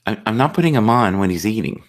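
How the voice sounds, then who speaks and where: A man with a very low, deep voice hosts a relaxed live stream chat. He rambles, repeats words as he gets started, and drifts into absurd, playful stories. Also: fast talker. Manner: joking, tells offbeat absurd stories.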